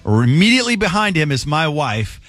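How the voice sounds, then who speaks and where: A man hosting a radio talk show, telling a lively story and raising his voice for the quoted lines. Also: fairly quick, dry recording. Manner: animated storyteller, shouts quoted lines in a high voice.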